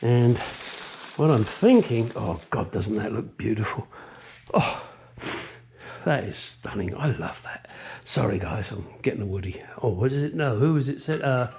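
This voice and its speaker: A man's voice: medium pitch, lively intonation, normal speed, darkish tone, slight background noise. A man hosting a car restoration vlog, chatting casually in a home garage, rambling and joking as he goes. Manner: rambling and jokey, swears freely. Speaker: channel host restoring a classic car. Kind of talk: casual workshop vlog chat.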